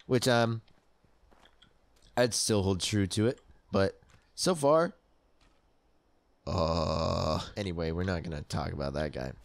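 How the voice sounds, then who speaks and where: Jumpy young gamer man, lively voice. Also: sits low, slow pace, creaky, long pauses, no room sound. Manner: jumpy, yelps and shrieks when startled. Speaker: let's play gamer. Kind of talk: casual gameplay commentary.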